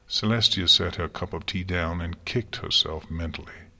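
A man narrating a story in a calm, measured reading style. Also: low-pitched. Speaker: audiobook reader.

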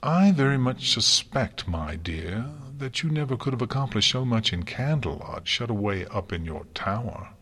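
A man voicing a gentle, stately female pony princess in a fanfiction reading, calm and husky. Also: medium pitch, a little slow, pitched above the performer's own voice, heavily acted. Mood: calm, fond. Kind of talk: audiobook reading.

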